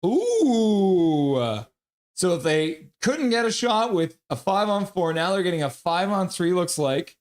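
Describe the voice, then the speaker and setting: A man's voice: high-pitched, normal speed, hardly any pauses. Chatty man calling hockey play-by-play. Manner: chatty, reads chat messages aloud, laughs often. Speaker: streamer doing play-by-play. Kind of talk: casual live play-by-play commentary.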